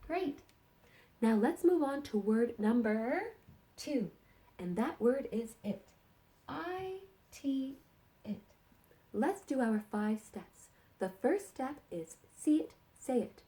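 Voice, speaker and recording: A woman teaching sight words to young kindergarten children in a slow, encouraging sing-song way. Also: a little high, very animated, mellow.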